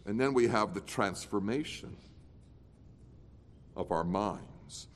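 A man preaching an evening sermon as a pastor. He swings between loud, emphatic declarations and quiet, low-voiced asides. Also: slow. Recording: long reverb of a large hall.

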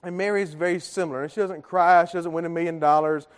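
A man's voice: a little high, steady tone, quick pace, clear, resonant tone. A man gives a conversational sermon to a congregation, joking and asking them questions. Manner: chatty, joking with the congregation, many fillers. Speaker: pastor. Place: church sanctuary.

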